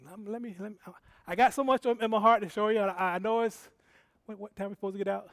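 A man preaching a sermon in a conversational, rambling way, swinging from soft asides to loud calls to the congregation. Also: sits high, fairly even intonation, quick pace, no echo, studio quality. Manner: conversational and rambling, with self-corrections and laughs.

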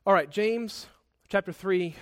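Preaching with energy and a high pitch, the man is quick to perform angry outbursts, and he keeps amending himself in little asides.

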